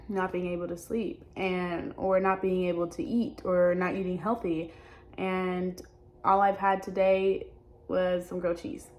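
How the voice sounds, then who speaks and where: A young adult woman talking openly in a personal vlog, halting and hesitant, often restarting her sentences. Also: fairly low pitch. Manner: earnest and open. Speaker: vlogger.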